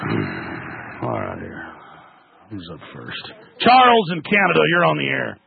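A man hosting a talk radio show, ranting angrily and shouting insults at callers, with a gravelly, husky voice on a tinny broadcast. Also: medium pitch, wildly swooping pitch, slow, no echo. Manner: angry, shouting tirades at callers.

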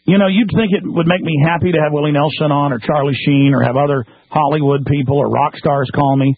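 A man hosting a radio show, delivering an exasperated, rambling monologue with sudden swings in pitch, heard through tinny phone-like radio audio. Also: fairly even intonation, fairly quick, no echo.

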